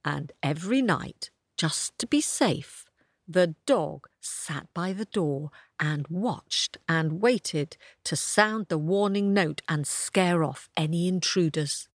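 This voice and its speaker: Expressive woman storyteller for children, lively pitch, dry close sound. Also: slow, no echo. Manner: expressive, sing-song. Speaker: storyteller host.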